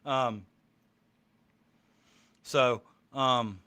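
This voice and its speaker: A man's voice: medium pitch, fairly even intonation, drawn-out words, bright, forceful tone, smooth. A man chatting casually on a streamed podcast, rambling with many ums. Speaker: podcast co-host. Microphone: streaming mic.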